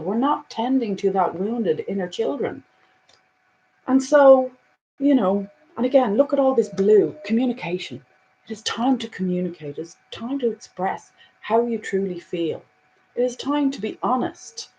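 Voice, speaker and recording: A woman giving a spiritual oracle card reading, earnest, full of "you know" fillers, moving between hushed passages and emphatic ones. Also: mid-range voice, animated, measured pace, a little hiss or hum, rough recording.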